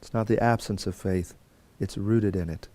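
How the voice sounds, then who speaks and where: A man's voice: lowish voice, fairly even intonation, moderate pace, mellow. A man teaching a Bible course in a conversational lecture style, with fillers and restarts and quotes acted out. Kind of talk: classroom lecture.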